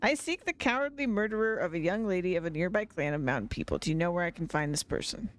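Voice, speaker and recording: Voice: medium pitch, animated, quick pace, hardly any pauses. A streamer chatting casually while playing a fantasy game live, teasing the characters. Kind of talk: casual gameplay livestream.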